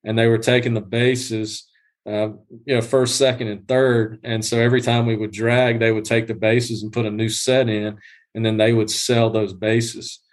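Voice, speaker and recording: A guest groundskeeper on a livestreamed podcast tells a rambling story in a casual chat, full of restarts and fillers. His lowish voice is flat and moves at a normal speed.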